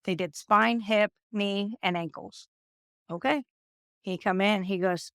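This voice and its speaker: A woman in her fifties, a nurse, telling stories in an interview and acting out the people she quotes in an animated way. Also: mid-range voice, slow, no room sound, studio quality. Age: 50s. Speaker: nurse and guest. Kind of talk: storytelling interview.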